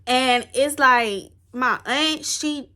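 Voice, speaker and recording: A woman's voice: sits high, extremely slow, bright, forceful tone. A young woman talking to the camera in a rambling, heartfelt personal vlog. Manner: rambling, heartfelt, tearful at times. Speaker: vlogger.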